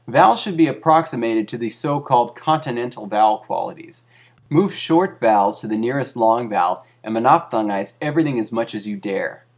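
Dry mock-academic male narrator. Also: mid-range voice. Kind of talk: deadpan comic reading of a satirical article.

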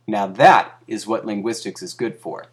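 A man giving a deadpan comic reading of a satirical article in a dry, mock-academic way. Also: lowish voice, moderate pace. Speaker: narrator.

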